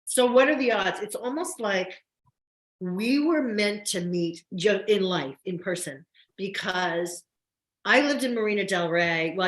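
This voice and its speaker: An older woman from New Jersey with a New York–New Jersey accent, an actress telling stories in a casual interview, quick and chatty. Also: fairly low pitch, roomy sound, low-quality recording. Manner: fast, chatty storyteller. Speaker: guest, soap opera actress.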